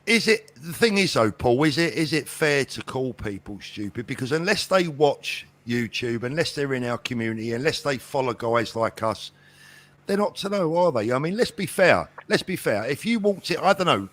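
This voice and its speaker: A man with a mid-pitched, ordinary voice co-hosts a casual livestream chat. He argues earnestly and reasons things through, repeating phrases to drive his point home. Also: expressive, normal speed, fairly bright tone. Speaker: livestream co-host.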